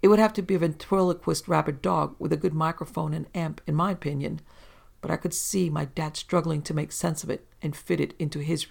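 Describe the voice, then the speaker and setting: Story reader, mid-pitched and very gravelly, calm measured delivery for paranormal accounts. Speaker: story narrator. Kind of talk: scripted narration of first-person paranormal accounts.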